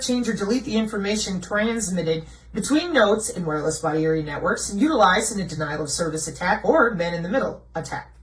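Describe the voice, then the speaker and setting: Recorded at a distance with poor sound quality, this mid-range female voice belongs to a video presenter. She runs through slides with conspiracy commentary, mocking and blunt, posing rhetorical questions and then answering them herself.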